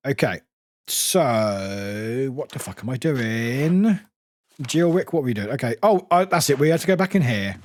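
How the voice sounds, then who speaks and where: A man streaming a game live, excitable and swearing freely as he chats back to his viewers. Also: medium pitch. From United Kingdom.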